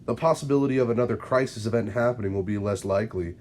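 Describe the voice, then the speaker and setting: A man reading the lines of a vengeful male speedster villain in a fan-written story, slow and menacing. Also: on the low side, a little mellow, slight background noise, natural voice.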